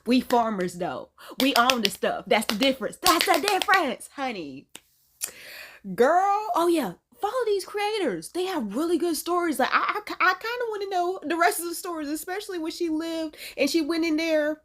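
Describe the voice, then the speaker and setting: Lively, chatty woman. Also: very high-pitched, normal speed. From North Carolina. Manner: animated, chatty, laughs often, calls listeners honey. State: sneezy from allergies. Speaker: reaction video host. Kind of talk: casual reaction commentary.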